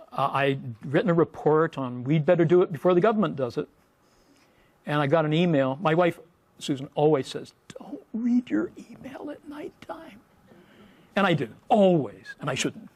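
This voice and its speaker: A male professor giving a humorous lecture from a podium, telling stories wryly and adding playful sound effects. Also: on the high side.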